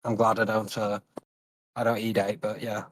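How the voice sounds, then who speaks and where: A young man from Britain talks in a loose, rambling way, stacking fillers and repeating himself. His pitch jumps up eagerly, and the sound is dry and close. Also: flat delivery, normal speed, dry recording. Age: young adult. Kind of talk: casual chat.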